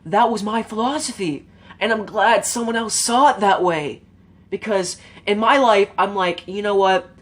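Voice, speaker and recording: A woman's voice: medium pitch, normal speed. A woman giving an earnest, rambling opinion monologue to her viewers, casual and emotional, with fillers and some swearing. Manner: rambling, informal, with frequent fillers and mild swearing. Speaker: YouTube commentator.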